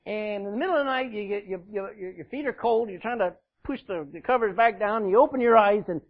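A male pastor preaching a sermon, swinging between loud emphasis and hushed asides. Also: sits high, quick pace, few pauses. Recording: dull, lo-fi sound.

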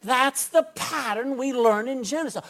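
A man with a very high-pitched, fairly bright voice preaches at a moderate pace to a congregation in an indoor room. The pastor is folksy and emphatic, often calling for an amen.

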